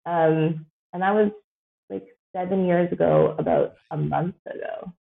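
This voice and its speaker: A woman's voice: fairly low pitch, fairly even intonation, measured pace, gravelly. A Canadian woman in her thirties, a podcast guest chatting casually in a rambling way, with plenty of fillers and frequent laughter. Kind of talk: casual chat. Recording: tinny phone-like line.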